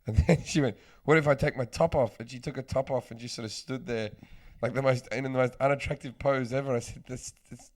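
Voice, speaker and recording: A man's voice: medium pitch, steady tone, a little fast. Wisecracking man co-hosting a podcast. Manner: wisecracking, teasing interjections. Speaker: podcast co-host. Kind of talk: casual chat.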